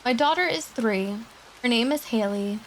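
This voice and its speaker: A woman's voice: fairly high pitch, expressive, normal speed, slight background noise, rough recording. A woman streamer reading horror stories aloud to her live chat, with casual chatty asides in between.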